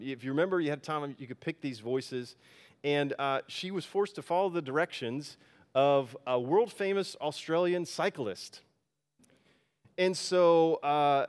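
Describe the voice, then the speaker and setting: A pastor telling a personal story in a casual, folksy sermon, with frequent fillers. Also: male voice, mid-range voice.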